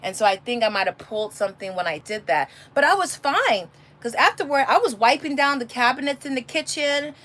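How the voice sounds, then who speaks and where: A woman's voice: sits high, expressive, a little fast, few pauses, a bit bright. A homeschooling mother chatting casually on a livestream, telling rambling stories full of restarts. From California. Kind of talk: casual live chat. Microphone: phone or webcam, answering a live chat.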